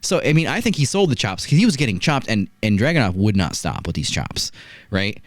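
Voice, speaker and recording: A man hosts a wrestling review show and talks with a lively, swinging pitch. His voice sounds dry and close to the mic, with very little room sound. He tells the action as a story and keeps checking in with rhetorical asides. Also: brisk, no room sound. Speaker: wrestling podcast host. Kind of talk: casual review chat.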